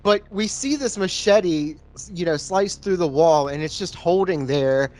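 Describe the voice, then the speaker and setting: A man's voice: high voice, measured pace, a little mellow. Easygoing man reviewing beer. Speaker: podcast co-host. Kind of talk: casual chat about a film over beer.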